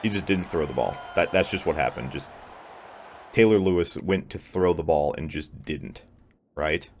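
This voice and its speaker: Low-voiced frustrated gamer doing play-by-play. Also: male voice, normal speed, slight background noise. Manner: frustrated, swears a lot, sarcastic, prone to angry outbursts. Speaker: gamer commentating his own play. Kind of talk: casual play-by-play commentary of a video game. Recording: game music clearly heard behind voice.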